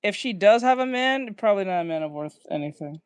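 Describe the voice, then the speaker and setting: A man's voice: sits high, animated, quick pace, clear, resonant tone. A man hosts a casual reaction video, rambling through his point and restarting his sentences with plenty of cursing. The sound is dry and close, with no room echo. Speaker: reaction channel host.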